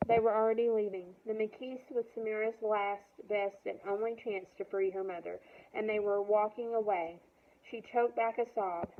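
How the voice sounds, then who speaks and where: A woman's voice: medium pitch, normal speed, slight background noise. Woman reading a novel aloud over a phone line. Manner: steady reading with brief asides. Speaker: reader. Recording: tinny phone-like sound.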